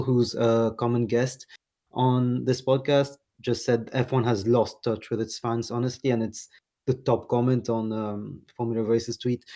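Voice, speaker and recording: A man hosting a casual podcast, reading out online reactions in a relaxed way. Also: medium pitch. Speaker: podcast host.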